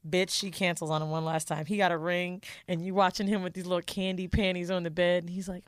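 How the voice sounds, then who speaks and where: A woman co-hosting a podcast, telling a long reality-show story in a profane, animated, casual way. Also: fairly low pitch, fast talker, dry recording, clean studio sound. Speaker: podcast co-host.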